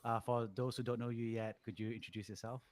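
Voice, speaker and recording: A man's voice: medium pitch, flat delivery, fast, darkish tone, slight background noise. A man hosting a podcast, asking short questions and giving brief encouraging replies. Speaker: podcast host. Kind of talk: interview questions.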